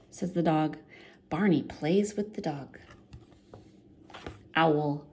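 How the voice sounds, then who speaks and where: A woman reading a picture book aloud to young children in an expressive, clear way. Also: muffled recording. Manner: expressive, with big pitch swings and a slow, clear pace. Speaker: children's story reader.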